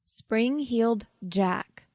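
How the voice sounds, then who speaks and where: A woman's voice: fairly high pitch, drawn-out words, a little mellow, no room sound. A woman hosting a podcast, playfully quizzing a guest and spelling out names letter by letter. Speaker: podcast host. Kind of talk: quiz game in casual podcast chat.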